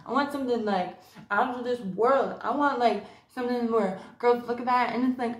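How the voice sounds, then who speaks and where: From home, a vlogger with a fairly high voice and fairly even intonation talks a little fast to camera, swearing, drifting from topic to topic, and slipping into put-on voices for quotes.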